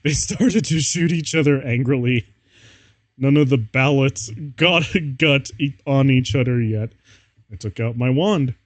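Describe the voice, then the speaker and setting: A male streamer reads fan fiction aloud at an unhurried pace, breaking into laughter again and again. His voice is mid-pitched and sits close and dry, with no room sound around it. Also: dry recording. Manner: amused, laughs often while reading.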